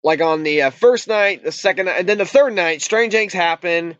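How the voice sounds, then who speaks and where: A man's voice: high-pitched, normal speed, fairly bright tone, smooth, no echo. A man casually retelling a movie's plot as a reviewer, rambling with restarts and swearing freely. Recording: dull lo-fi dry recording.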